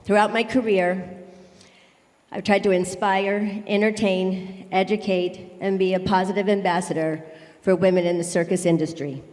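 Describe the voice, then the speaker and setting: A woman's voice: medium pitch, fairly even intonation, normal speed, a little mellow, big-room sound. A woman giving an emotional, grateful acceptance speech at an awards ceremony in a large tent, listing many names she thanks.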